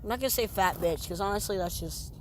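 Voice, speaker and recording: A woman's voice: mid-range voice, fast talker. A teenage girl hosting a casual podcast with a friend, rambling with lots of restarts and giggles. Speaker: podcast host. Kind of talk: casual chat between friends. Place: outdoors. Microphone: phone. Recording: faint outdoor background noise.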